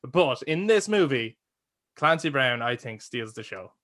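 Bright-voiced man chatting about films. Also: mid-range voice, unhurried. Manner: laughs often, excitable, swears casually. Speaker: podcast co-host. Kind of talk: casual film chat.

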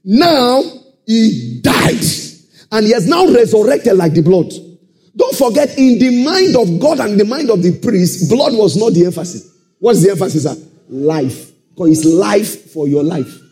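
A man preaching a sermon, calling out to the congregation and swinging into shouted and half-sung phrases. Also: high-pitched, a little slow. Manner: animated call-and-response preaching, sudden shouts and sung phrases.

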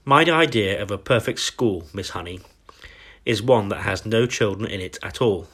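A man's voice: lowish voice, expressive, normal speed, fairly bright tone, slightly rough. A man reading a storybook, voicing a huge, furious woman headmistress who barks and rants at a child. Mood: mocking. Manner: barking, ranting, menacing.

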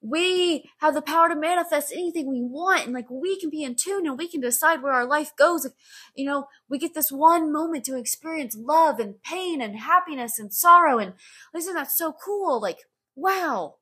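A woman voicing a carefree, gushing young man from a meme, in a high, wide-eyed, exclaiming voice. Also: animated, normal speed, bright, forceful tone. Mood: giddy.

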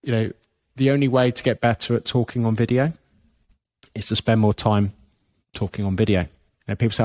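This man's voice is fairly low, fast and a little mellow. As a guest on a podcast, the fitness business coach gives motivational talk in a blunt, profane style, peppered with "you know."

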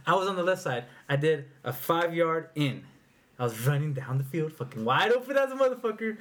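A man's voice: fairly high pitch, sing-song, a little fast. Rambling, swearing young-sounding man telling a story. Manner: rambling, swearing, acts out the moment. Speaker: podcast co-host. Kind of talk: casual storytelling.

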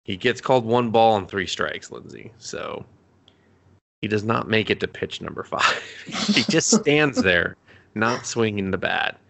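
A man's voice: on the low side, animated, a little slow, creaky, a bit bright. A man co-hosting a casual podcast, rambling through an anime recap, swearing a lot and acting out the characters' lines. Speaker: podcast co-host.

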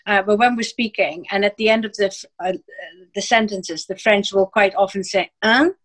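A woman whose first language is Dutch, a former translator, speaking as a guest in a casual interview in a thoughtful, measured way with small hesitations. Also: mid-range voice, steady tone. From Netherlands.

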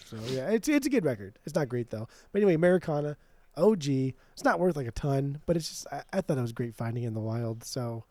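A man with a mellow, slightly higher-than-usual voice tells a story in a casual, animated way and swears freely. He sounds like a podcast co-host chatting with a friend. The recording is dry and close. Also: fast, no echo. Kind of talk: casual chat.

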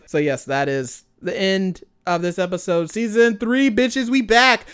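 A woman's voice: medium pitch, a little slow, clean tone. A woman co-hosting a casual podcast, teasing her co-host and laughing often as she talks.

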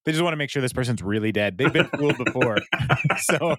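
A man's voice: medium pitch, lively intonation, brisk, background noise. A man co-hosting a podcast, recapping a TV episode in casual chat and laughing between lines as he tells the story. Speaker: podcast co-host.

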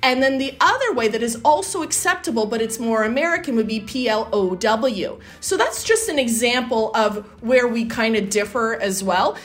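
A Canadian woman chatting casually as a guest, quick and chatty, laughing often. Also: fairly high pitch, lively intonation. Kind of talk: casual chat.

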